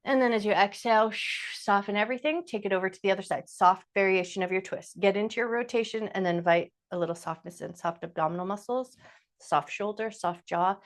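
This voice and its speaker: A woman teaching chair yoga, calmly cueing each breath and movement in short, slow phrases. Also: mid-range voice. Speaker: yoga instructor. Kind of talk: guided chair yoga instruction.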